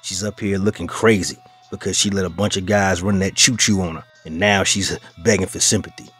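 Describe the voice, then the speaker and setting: Male reaction-channel host, lowish voice, sneering tone toward the clips he plays, faint music bed. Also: fairly even intonation, brisk, fairly bright tone, breathy edge. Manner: mocking, addresses listeners as "fellas". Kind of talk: reaction commentary.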